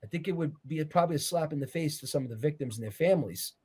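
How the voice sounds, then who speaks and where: Earnest man explaining, slightly high voice. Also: animated, very fast, a little mellow, breathy edge. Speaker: interview guest, author. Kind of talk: conversational interview.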